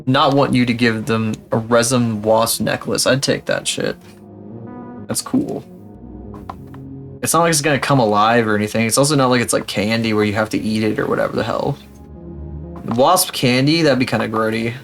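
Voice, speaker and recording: A man's voice: medium pitch, normal speed, vocal fry, a bit bright, soft background music. Rambling, swearing young male streamer. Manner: rambling, profane and self-mocking. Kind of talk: casual live-stream chat.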